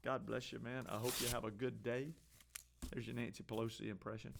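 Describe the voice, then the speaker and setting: A man's voice: mid-range voice, flat delivery, fairly quick, gravelly, a little hiss or hum. A man hosting a daily headlines show, reading the news in an offhand, opinionated way with frequent restarts. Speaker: host. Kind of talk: casual news commentary.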